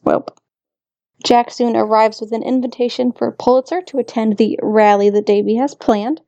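A woman's voice: a little high, fairly even intonation, moderate pace, vocal fry, warm tone, dry recording, dull audio. A woman co-hosting a podcast, reading out a plot recap in a matter-of-fact way. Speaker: podcast co-host. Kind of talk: casual chat and plot recap.

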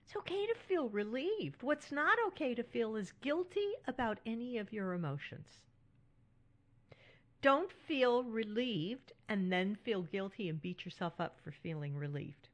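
A middle-aged woman talks straight to her listeners in a podcast monologue. She sounds frank and reassuring, and now and then she laughs. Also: medium pitch. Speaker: podcast host speaking to widows.

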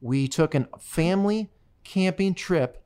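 A man's voice: sits high, lively intonation, takes it slowly, mellow, clear, resonant tone. A man hosting a show, chatting casually and telling rambling, joking stories into a studio microphone. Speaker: show host and touring musician. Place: radio studio.

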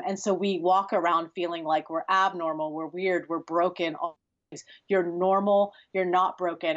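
A woman in her forties, a sex educator answering interview questions in an animated, breathy way and laughing easily. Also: on the low side, muffled recording. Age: 40s.

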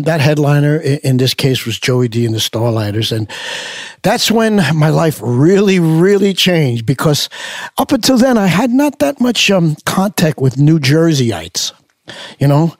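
A man's voice: on the high side, sing-song, measured pace, a little mellow, no room sound, clean studio sound. Older man rambling through stories. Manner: rambling, many "you know" fillers and restarts. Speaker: musician guest. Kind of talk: casual storytelling interview.

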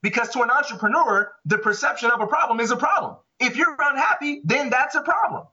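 A man's voice: extremely high pitch, fairly quick, sharp tone. A man co-hosting a podcast, arguing his views in passionate, emphatic casual talk. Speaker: podcast co-host. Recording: dull lo-fi audio.

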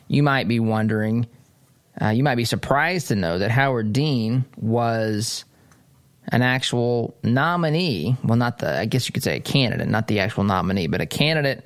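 A man's voice: medium pitch, dry recording. A man hosting a political commentary show from a desk, talking in a casual, digressive way with frequent restarts. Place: studio desk.

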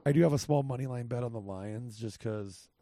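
This time the host's voice is mid-range, gravelly, and dark, moving a little fast as he meanders through his game picks on a casual betting podcast. Restarts and fillers are frequent, and the studio-quality recording has no echo.

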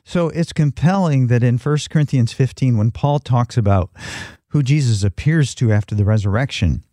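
A man's voice: mid-range voice, normal speed, mellow, dry recording, clean studio sound. A man co-hosting a Christian talk show, teaching from the Bible in an earnest, reflective way with frequent restarts. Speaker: christian podcast co-host.

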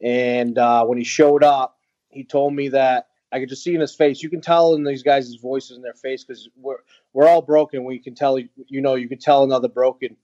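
A man telling a heartfelt story as a podcast guest, earnest and halting with many fillers. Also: medium pitch, steady tone, warm tone, dry recording, lo-fi sound. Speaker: guest, veteran nonprofit founder.

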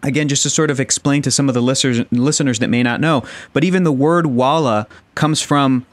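A man hosting an interview, his voice dry and close to the mic at a middle pitch. He asks eager, explanatory questions in a conversational way. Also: brisk, dry recording. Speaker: podcast co-host. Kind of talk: casual interview chat.

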